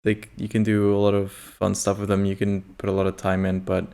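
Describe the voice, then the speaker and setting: A man with a fairly low voice hosts a casual podcast. He answers with brief, relaxed remarks and short agreements. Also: a little fast. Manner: brief backchannel replies, relaxed. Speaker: podcast host. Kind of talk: casual chat.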